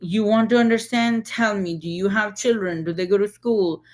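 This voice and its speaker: A woman's voice: medium pitch, moderate pace, close to an everyday voice. A woman reading aloud the lines of an angry, grieving refugee father, sounding indignant and pleading.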